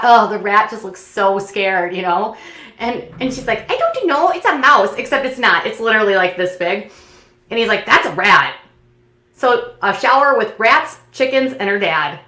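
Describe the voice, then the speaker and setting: A woman giving casual, snarky commentary on a reality show, mocking the cast with quick impressions. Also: a little high, bright, forceful tone, reverberant. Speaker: commentary host.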